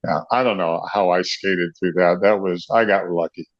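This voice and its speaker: A man's voice: deep voice, fairly even intonation, moderate pace, no echo. A middle-aged man, a rock singer as an interview guest, animatedly telling an anecdote, often laughing and acting out the people in it. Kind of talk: anecdotal storytelling. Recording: dry, slightly dull lo-fi sound.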